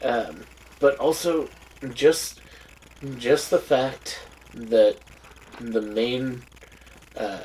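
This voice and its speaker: A podcast co-host chatting casually about a movie, laughing often and retelling scenes in an animated way. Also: medium pitch, very slow, long pauses. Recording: distant mic with faint background noise.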